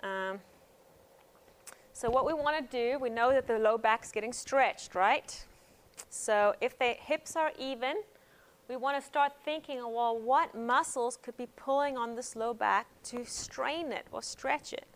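A woman teaching hands-on pain management in a gentle, conversational way, telling stories from her practice. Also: a little high, measured pace. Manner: gentle, conversational, frequent um fillers. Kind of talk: instructional talk with personal stories.

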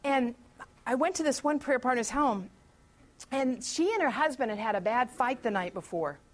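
A woman's voice: high-pitched, lively intonation. A woman speaking at a church meeting, telling a personal testimony as a chatty story, acting out her own prayers and thoughts and breaking off to welcome people coming in. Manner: chatty storyteller who pauses to greet latecomers.

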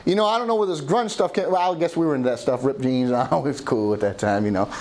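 Speaking fast in a mid-range, darkish voice, a middle-aged man preaches as pastor. He repeatedly calls out "Amen?" to his congregation in a call-and-response manner.

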